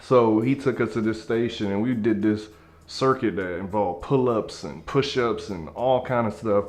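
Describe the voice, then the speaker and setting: A man hosting his channel, telling a story in a casual, slangy way and acting out the people in it. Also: fairly low pitch. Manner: animated, slangy, acts out dialogue.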